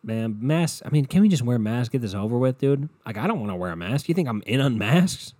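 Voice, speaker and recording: A man rants in a loose, comedic way, cursing freely as he drops to low grumbles and then jumps up into loud exasperation. His voice sits at a middle pitch and swings widely. The sound is dry and close, with no room around it. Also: animated, brisk, dry recording. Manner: profane, exasperated, swings between low mutters and loud outbursts. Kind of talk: casual comedic rant.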